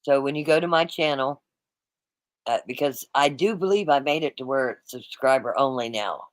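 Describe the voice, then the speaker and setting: A man's voice: medium pitch, moderate pace, no echo, poor audio. A man hosting a livestream, talking straight to his chat in a rambling, repetitive, casual way. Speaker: livestream host.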